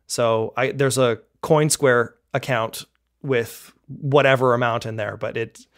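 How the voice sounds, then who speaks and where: A man's voice: medium pitch, fairly even intonation, unhurried. Young canadian guy cohosting a tech podcast, chatty, jokes at his own expense. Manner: chatty, joking, self-deprecating. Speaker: podcast co-host. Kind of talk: casual podcast chat.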